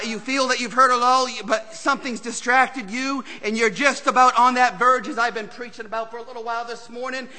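A male preacher pleads with his congregation in a revival sermon, dropping to hushed appeals and then rising to shouted calls. His voice sits high and bright, and it rings with the long reverb of a church hall. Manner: pleading, repetitive, swinging between soft and shouted. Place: church sanctuary.

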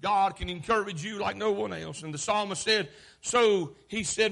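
Man, preacher, very high pitch, bright sharp voice, impassioned sermon. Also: moderate pace, vocal fry. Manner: impassioned, swelling to shouts and dropping low.

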